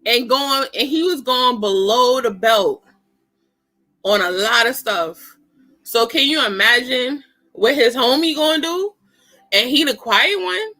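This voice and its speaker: A woman's voice: high voice, animated, measured pace, pushed and bright. A woman casually reviewing a political debate on her own show, slangy and exclaiming, often breaking into laughter. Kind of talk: casual commentary.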